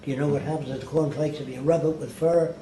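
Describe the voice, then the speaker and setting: This man's voice sits a little high and moves quickly as he tells anecdotes on an interview, acting out the people in his stories with lively flair. The recording carries an echo and a faint hiss.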